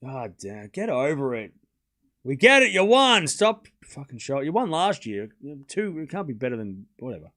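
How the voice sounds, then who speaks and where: A man's voice: mid-range voice, very animated, moderate pace, bright, forceful tone. A man hosting a live tennis watchalong stream. He calls each shot in short bursts, chats loosely with his viewers between points and swears offhand. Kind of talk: casual live play-by-play commentary with chat asides.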